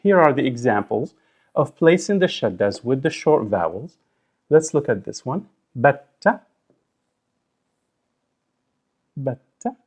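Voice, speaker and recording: A man teaching a recorded language lesson, sounding out syllables slowly and deliberately. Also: mid-range voice, animated, a little mellow. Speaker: Arabic teacher.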